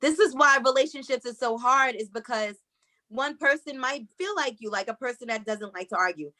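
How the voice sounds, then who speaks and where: A woman's voice: on the high side, fairly quick, pushed and bright, no room sound. A woman co-hosting a casual film-review chat over a video call, earnestly explaining her view with repeated starts. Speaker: podcast co-host reviewing a film. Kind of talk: casual group discussion.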